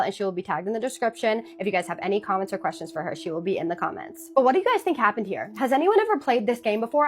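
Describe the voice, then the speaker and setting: A woman narrating a true scary story in a chatty, dramatic storytime manner. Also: a little high. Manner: chatty, dramatic retelling with pauses.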